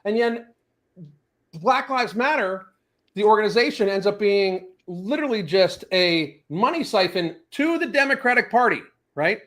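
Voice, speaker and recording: Man, high-pitched and swinging, swears constantly as a casual podcast host. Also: moderate pace. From US South. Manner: profane, animated ranting. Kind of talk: casual rant chat.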